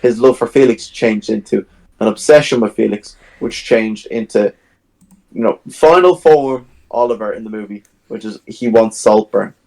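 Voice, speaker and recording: A man with a low voice and a gravelly edge to it talks through a film's plot on a podcast. He retells the plot in casual chat and slips into the characters' lines as he goes. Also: moderate pace, rough recording. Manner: animated retelling, acts out scenes. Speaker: podcast co-host. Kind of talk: casual film discussion.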